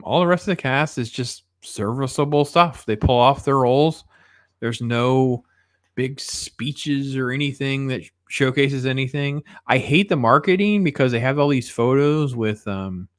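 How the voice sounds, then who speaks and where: A man giving a casual, sarcastic film review, exasperated and mocking the characters in quick put-on asides. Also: medium pitch, no room sound, clean studio sound. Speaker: movie reviewer.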